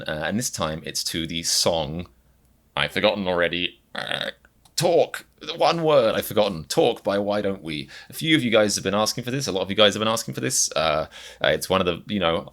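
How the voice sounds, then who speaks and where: Lively, bright-voiced joking man host. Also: deep voice. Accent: mixed, hard-to-place accent. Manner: rambling, self-mocking and jokey. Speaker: reaction channel host. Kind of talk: comedic reaction vlog.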